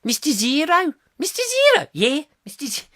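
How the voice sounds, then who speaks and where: A man's voice: very high-pitched, big pitch swings, bright, forceful tone, voice pushed up, full character voice. A man putting on a Birmingham accent to play bickering Brummie men in a radio-play style squabble. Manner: bickering, whiny, rapid back-and-forth.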